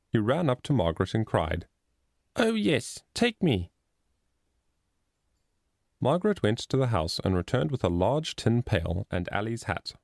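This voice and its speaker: A man narrating a storybook chapter in a steady, expressive reading. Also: lowish voice, vocal fry, no echo, clean studio sound. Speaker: audiobook narrator.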